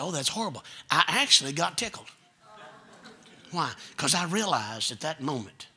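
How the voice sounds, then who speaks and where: A middle-aged man with a Kentucky accent, preaching a folksy, joking storytelling sermon that builds to loud preaching. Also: mid-range voice, breathy edge. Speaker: guest preacher.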